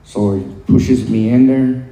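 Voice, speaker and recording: Halting man telling his story, dark voice. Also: mid-range voice, steady tone. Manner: halting, full of "um" and "you know". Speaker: guest sharing his recovery story. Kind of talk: personal testimony. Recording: roomy echo.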